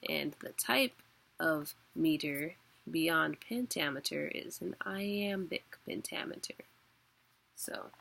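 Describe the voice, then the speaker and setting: Casting note: young woman, casual online teacher, gravelly low voice, unhurried. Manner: relaxed, chatty, laughs often, fillers like "like" and "um". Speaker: teacher of a weekly online class. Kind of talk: casual spoken lesson.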